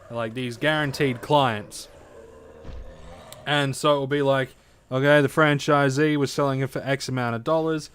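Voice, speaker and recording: Smooth and slightly bright, this mid-range male voice belongs to a gamer chatting loosely with his stream audience. His talk wanders, packed with filler words and frequent cursing, and it's captured on a desk microphone at his home setup.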